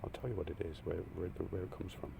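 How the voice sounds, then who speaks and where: Gravelly deep man, tearful monologue. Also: steady tone, fast, a little hiss or hum. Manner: rambling, swearing, swings between loud and hushed. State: crying. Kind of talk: emotional unscripted monologue.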